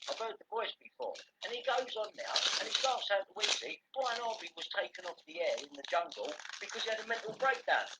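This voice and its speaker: A man's voice: high-pitched, a little fast, few pauses, very noisy. A man ranting angrily on a livestream, swearing constantly and confrontational. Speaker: livestream host. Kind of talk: angry ranting chat. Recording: dull lo-fi sound.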